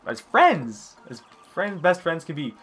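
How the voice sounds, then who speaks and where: A man's voice: on the high side, very animated, a little slow, a bit bright, husky. A young man co-hosting a casual gaming video, telling a rambling story, swearing freely and acting out what people said. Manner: rambling, swears freely, acts out quoted speech. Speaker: co-host.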